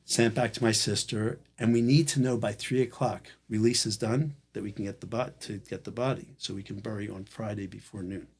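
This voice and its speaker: A man's voice: on the low side, fairly quick, hardly any pauses, slightly rough. A man telling a long personal story in casual conversation, acting out the lines of the people in it. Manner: animated storyteller acting out quoted dialogue. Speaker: guest.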